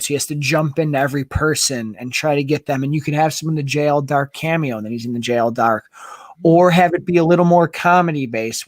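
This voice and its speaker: A man with a slightly high voice co-hosts a casual livestream chat about fandoms. He talks eagerly, with animated enthusiasm and many fillers. The recording is dry, with clean studio sound.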